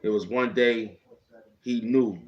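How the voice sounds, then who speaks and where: A man's voice: medium pitch, fairly even intonation, slow, highs cut off. A man casually telling a personal story in rambling street slang, often checking in with "you know what I'm saying".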